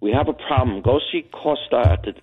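An older man from Brooklyn, calling in to a radio show and telling a rambling, animated story. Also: mid-range voice, a little fast, breathy edge. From Brooklyn, New York. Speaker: caller. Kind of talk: phone-in storytelling. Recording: tinny phone line.

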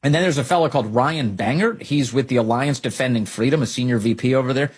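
A man's voice: mid-range voice, quick pace, breathy edge. A man hosting a political talk radio show in a sarcastic, combative, mocking manner.

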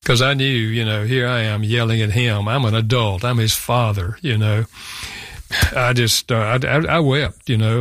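Older male guest, gravelly and earnest, dry studio sound. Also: lowish voice, fairly even intonation, dry recording. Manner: earnest, halting, many restarts. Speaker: author and guest. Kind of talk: storytelling in a radio interview.

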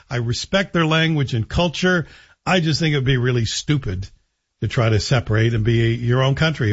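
A man's voice: a little high, husky. A man hosting a talk radio show, giving opinionated commentary with sarcastic, joking asides. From Canada. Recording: dull lo-fi broadcast audio.

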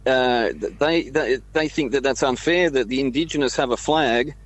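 A man's voice: mid-range voice, normal speed. An Australian man who is a guest musician on a radio show, talking in an easygoing, agreeable way and often calling people mate. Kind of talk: casual radio chat.

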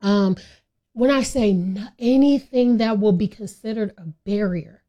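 Chatty woman counselor guest from California, middle pitch, quick to laugh. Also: lo-fi sound. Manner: lively, chatty, laughs easily. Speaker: guest, drug and alcohol counselor. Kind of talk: radio interview.

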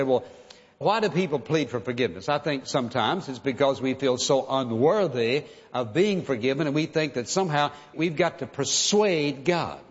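A man preaching a sermon in an earnest, emphatic way, sometimes acting out pleading prayers. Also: mid-range voice. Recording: dull sound with long hall reverb.

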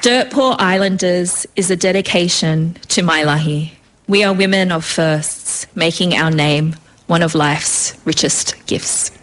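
A woman's voice: fairly low pitch, a little slow, a little hiss or hum. A woman reading her own story aloud in a vivid, rhythmic way. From Australia.

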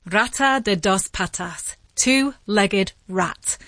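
A woman giving scripted narration as a podcast host, vivid and measured. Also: medium pitch, a bit bright.

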